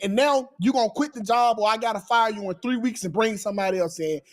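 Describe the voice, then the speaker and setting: A man's voice: high voice, quick pace. A man co-hosting a podcast, arguing his point emphatically and profanely in casual chat.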